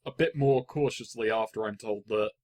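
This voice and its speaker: A man's voice: fairly low pitch, moderate pace, a little mellow. A man playing in a tabletop role-playing game, describing what his character does in a casual, thinking-aloud way. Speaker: player.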